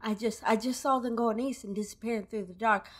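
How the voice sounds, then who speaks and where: A woman's voice: a little high, steady tone, a little fast, slightly rough. A woman voicing a tearful, robbed female shopkeeper in a game, with a put-on Southern accent and a plaintive, dramatic manner. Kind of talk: live dub of game dialogue.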